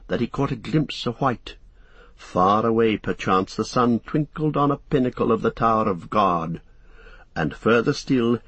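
A man narrating a fantasy novel as an audiobook, in steady, measured storytelling. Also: medium pitch, breathy edge, dry recording.

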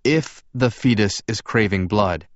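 A man's voice: lowish voice, a little slow, no room sound, dull audio, natural voice. A man voicing an intense young man who speaks in a solemn, earnest way.

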